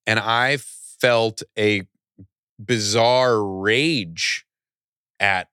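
A man's voice: lowish voice, drawn-out words, sharp tone, clean tone, no room sound, clean studio sound. A middle-aged man chatting as a podcast guest, rambling with many restarts and fillers. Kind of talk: casual podcast conversation.

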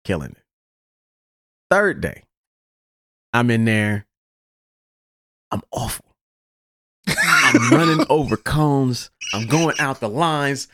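A man hosting a podcast, telling a story in a casual, animated, profane way. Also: medium pitch, slow pace, pauses often, no room sound, studio quality. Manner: animated, profane, laughs through his story. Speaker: podcast host.

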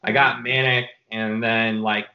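This man's voice is lowish and unhurried, with the highs cut off in the recording. Being interviewed as a filmmaker, he rambles through animated, casual stories loaded with filler words.

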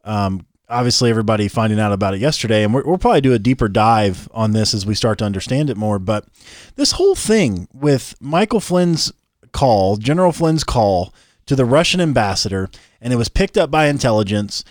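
A man co-hosting political commentary, his pitch swinging widely as he talks. He sounds incredulous and quick to joke, in a dry room with little echo. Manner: animated, incredulous, joking. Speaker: podcast co-host.

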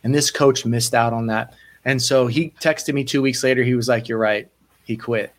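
A man's voice: medium pitch, normal speed. Man, thirties, sports psych coach; casual interview storyteller who acts out quotes. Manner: animated, acts out quoted voices, frequent restarts.

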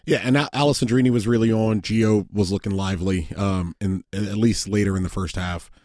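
Brief: low-pitched male co-host, blunt, profane, dry close sound. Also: steady tone, brisk, a little mellow, no echo. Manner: blunt, profane, restarts sentences often. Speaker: podcast co-host. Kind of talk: casual sports chat.

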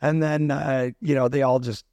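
A man telling a long story in casual chat, animated and laughing, often restarting his sentences. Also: medium pitch, normal speed, dry recording. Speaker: podcast guest, restaurant owner. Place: studio.

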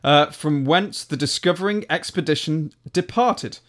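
A man's voice: on the high side, measured pace, a bit bright. A man co-hosting a podcast, reading out trivia in a dry, offhand casual chat.

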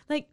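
Recorded with studio quality and no echo, this woman co-hosts a podcast and casually recounts a true-crime story. She's animated, voicing the characters with dramatic shifts in tone.

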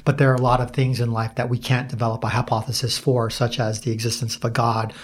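A man talking in a relaxed, reflective way on a podcast. He laughs easily and swears casually. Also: mid-range voice, fast, slight background noise.

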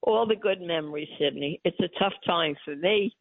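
A woman's voice: fairly low pitch, moderate pace, vocal fry, no room sound. An older woman, calling in as the host's mother, talking in an effusive, emotional and pleading way. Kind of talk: phone-in chat. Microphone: phone. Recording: tinny phone line.

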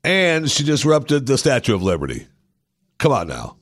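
A man's voice: medium pitch, huge pitch swings, normal speed, no room sound, studio quality. A man hosting a talk show, giving opinionated political commentary with indignant, sarcastic asides.

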